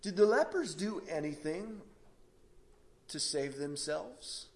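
Preaching slowly in a high-pitched voice, a man retells a Bible story with lively, animated storytelling. He often breaks off mid-sentence to restart, swinging between hushed moments and emphatic, rising passages.

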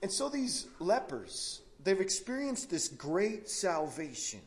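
A man with a high-pitched voice preaches a sermon, retelling a Bible story with lively, animated storytelling. He frequently breaks off mid-sentence and restarts, swinging between hushed moments and emphatic, rising passages. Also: slow pace.

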